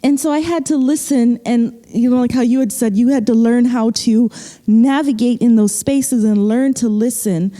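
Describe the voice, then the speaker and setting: A woman from the U.S. Virgin Islands speaks in a fairly high voice with a very dark, mellow tone. She tells a personal story earnestly and with reflection, in an easy conversational way. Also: moderate pace. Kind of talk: casual conversation.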